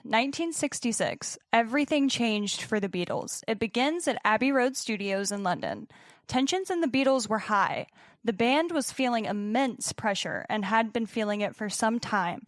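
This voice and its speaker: A young woman co-hosting a podcast, telling a story in partly scripted narration with dramatic pauses and casual swearing. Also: a little high, no room sound, studio quality. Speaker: podcast co-host.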